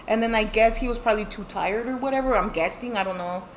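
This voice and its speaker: A woman's voice: fairly high pitch, fast talker, a little hiss or hum. A middle-aged woman telling a family story in casual chat, switching between English and Spanish and acting out the voices of the people in it. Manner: heavy swearing, lots of fillers. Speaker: guest telling her life story.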